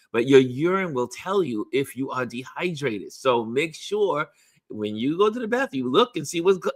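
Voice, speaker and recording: A middle-aged man hosts a casual morning live stream and reads viewer comments aloud. His pitch sits in the middle of the range but swings widely and sing-song. He talks chattily and repeats his phrases. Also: bright, forceful tone. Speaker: host of a daily live stream. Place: New York.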